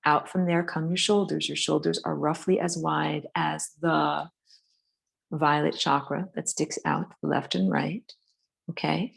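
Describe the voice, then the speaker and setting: Recorded on a phone camera in her home studio, an art and spirituality teacher leads a relaxed, live-streamed drawing lesson. Her voice is low and slightly gravelly, a little slow, and she rambles loosely through the sketch with many fillers and asides.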